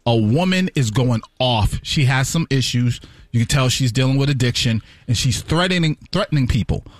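Animated man telling stories on radio. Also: mid-range voice, normal speed, dry recording, clean studio sound. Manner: animated storyteller, lively and earnest. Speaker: radio co-host. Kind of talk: casual morning radio chat. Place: radio studio.

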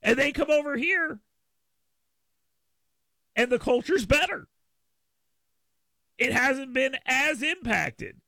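Creaky, stammering talk radio host. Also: male voice, very high voice, expressive, takes it slowly, pauses often, bright, forceful tone, no echo. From United States. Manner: stammers and restarts, doubling first words. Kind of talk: opinion talk radio monologue.

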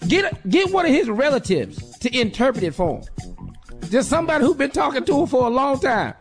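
A woman riffs through comic radio advice in a sassy, teasing way. Her voice sits high and swoops all over its range, with music playing behind her. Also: big pitch swings, fairly quick. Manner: sassy, teasing, acts out quotes. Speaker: radio show co-host. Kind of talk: comedic advice chat.

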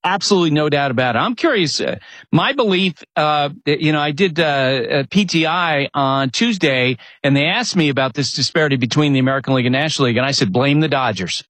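A man's voice: a little high, expressive, brisk, fairly bright tone, no echo. A man in a conversational sports talk, answering with emphatic opinions and thinking aloud. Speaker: baseball reporter.

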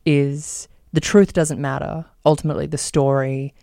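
A podcast co-host with a gravelly, mid-pitched voice weighs in on a play, thoughtful and hesitant, full of "like" and "sort of". The sound is close and dry, with no room behind it. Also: level tone, moderate pace, mellow, no echo. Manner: thoughtful, hesitant, pushes back politely. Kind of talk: casual review chat.

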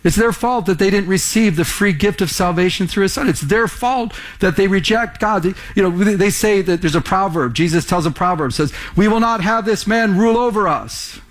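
A man's voice: high-pitched, brisk, few pauses. A man preaching a sermon in a conversational way, often repeating words and asking the congregation questions. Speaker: pastor.

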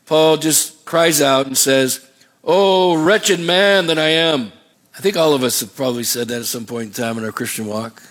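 A man preaching a sermon as pastor, asking the congregation call-and-response questions. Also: medium pitch.

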